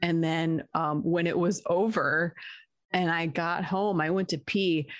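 A woman's voice: on the low side, a little slow, dry recording. A young woman telling a story in casual chat, laughing often and acting out the people in it. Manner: animated, laughing, quotes others in her story.

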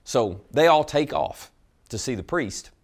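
A man preaching a sermon, telling a story with animated delivery and asking listeners direct questions. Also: mid-range voice, unhurried, gravelly. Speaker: pastor.

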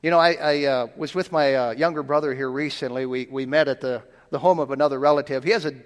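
A man's voice: mid-range voice, steady tone. Folksy preacher man in a reverberant hall. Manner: folksy, repeats words, slow scripture reading. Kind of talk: sermon.

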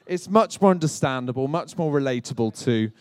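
With a medium-pitched, animated voice and a fairly quick pace, a British pastor jokes through his sermon. He tells light, self-mocking stories and chats aside to the congregation, with no echo on the recording.

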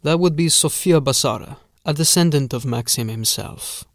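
A man voicing a sinister, formal castle steward who speaks softly and drags out his vowels. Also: on the high side, no room sound, clean studio sound, lightly acted. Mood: sinister calm. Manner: soft, measured, drawn-out vowels.

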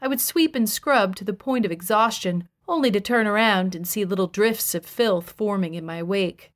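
A woman's voice: medium pitch, normal speed. A woman reading a first-person audiobook in a wry, conversational storytelling voice. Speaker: audiobook narrator.

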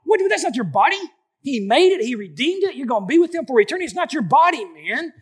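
A man in his late forties preaching a sermon, lively and colloquial, often repeating emphatic phrases. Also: very high voice, quick pace. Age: 40s. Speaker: pastor.

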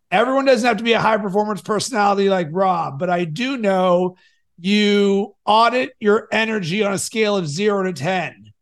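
A man hosting a podcast and coaching his guest, energetic, swinging between loud and soft to make his points. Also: sits high. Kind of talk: coaching conversation.

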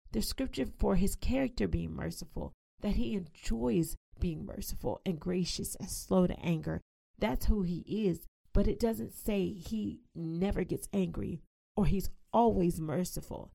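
A woman teaching a devotional sermon, reading scripture aloud quickly and then explaining it in plain, conversational words. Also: medium pitch, vocal fry, dark tone. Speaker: preacher.

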